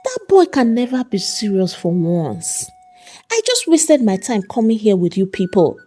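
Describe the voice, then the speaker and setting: A woman's voice: a little high, big pitch swings, unhurried, mellow, faint music behind. A woman voicing a scornful, angry middle-aged uncle. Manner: scornful, scolding.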